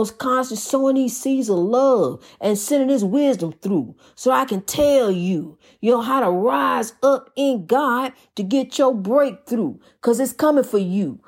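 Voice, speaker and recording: A woman's voice: fairly high pitch, a little slow, few pauses, darkish tone, husky. A woman preaching an informal sermon in rhythmic, repeated refrains, folksy and calling her listeners honey.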